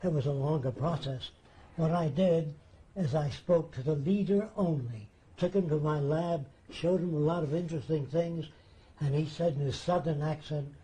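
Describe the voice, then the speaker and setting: A man recounting a story in a mellow, somewhat raised voice. He talks deliberately and with emphasis, pausing to ask whether the listener follows. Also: a little high, low-quality recording. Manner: deliberate, emphatic, rhetorical questions. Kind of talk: casual storytelling.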